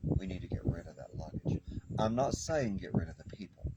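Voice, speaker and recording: A man giving a spiritual tarot reading, speaking slowly with soothing repetition. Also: low voice, animated, dull audio, heavy background noise. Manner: slow, repetitive, soothing delivery. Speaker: tarot reader.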